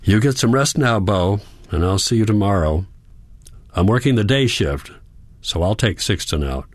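A man's voice: fairly low pitch, lively intonation, moderate pace, no room sound. A man reading the part of a kind, practical female caregiver who speaks soothingly. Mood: reassuring.

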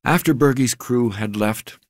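A man reading a memoir aloud as an audiobook narrator, in a measured, deliberate way. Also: mid-range voice, dry recording, clean studio sound.

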